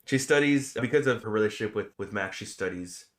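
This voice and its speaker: Casual podcast host, lower-pitched man, retells film scenes with bits of quoted voices. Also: a little fast. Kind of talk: casual movie discussion.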